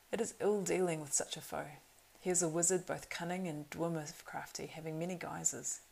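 Brief: proud young male horse-lord, as a woman reads him; earnest, urgent; low, gravelly voice. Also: darkish tone, low-quality recording. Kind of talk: audiobook reading.

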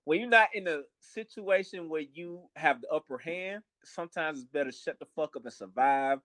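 A man's voice: a little high, moderate pace, fairly bright tone, no echo. Blunt, cursing young man on a podcast. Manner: blunt, profane, repeats words when starting. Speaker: podcast co-host. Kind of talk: casual chat.

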